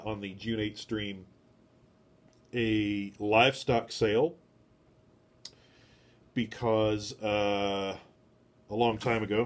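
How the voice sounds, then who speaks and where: A man hosting a casual live stream from his garage shed. He rambles, fills pauses with "uh", chats with viewers, and has a stuffy nose. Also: lowish voice. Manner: meandering, heavy on "uh" fillers, chats with viewers.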